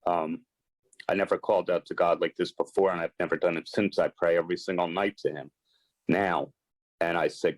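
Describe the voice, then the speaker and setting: Man with a super low voice telling his story on a podcast, earnest and emphatic, dry close sound. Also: steady tone, a little fast, dry recording, poor audio. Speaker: podcast guest, sports and celebrity agent. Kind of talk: personal recovery story told in conversation.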